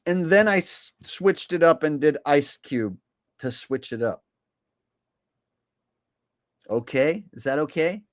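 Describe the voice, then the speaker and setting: A man's voice: on the high side, slow pace, pauses often, no echo, studio quality. A man hosting a casual livestream, rambling and swearing as he reads out donations. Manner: rambling and profane, with frequent fillers. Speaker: livestream host.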